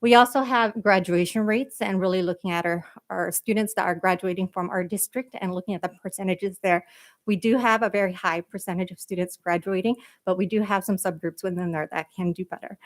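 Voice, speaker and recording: A woman's voice: mid-range voice, steady tone, fairly quick. A woman walks a school board through her equity report. Her delivery is earnest and emphatic, with frequent fillers between phrases. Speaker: school district equity director. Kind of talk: board meeting presentation.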